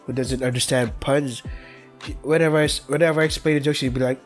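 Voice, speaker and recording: A man's voice: fairly high pitch, fairly quick, faint music behind. A man hosting a let's play who rambles through crude anecdotes in casual playthrough commentary and laughs at his own stories.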